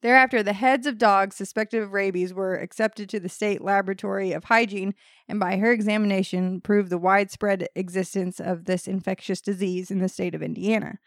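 A woman hosts a casual podcast, reading a history story from her notes. She keeps slipping into laughing banter with the others. Her voice sits at a middle pitch, and it is recorded dry and close. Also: steady tone, a little fast, no room sound. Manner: reads notes then breaks into laughing banter.

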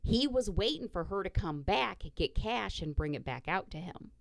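Profane, animated woman telling a story. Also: medium pitch, normal speed, creaky, no room sound. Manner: blunt, profane, animated retelling with quoted dialogue. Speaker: podcast host. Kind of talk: casual storytelling.

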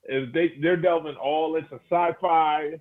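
A man's voice: on the high side, steady tone, a little slow. A young man from Texas co-hosting a podcast in loose, rambling casual chat, swearing freely and full of fillers. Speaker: podcast co-host. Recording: tinny phone-like sound.

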